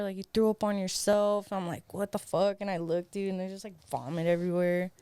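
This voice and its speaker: A woman's voice: fairly low pitch, level tone, fairly quick, few pauses, mellow, clear, resonant tone, dry recording. A young woman co-hosting a podcast who tells a story in loose, laughing chat, swearing freely and leaning on "like". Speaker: podcast co-host. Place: podcast studio.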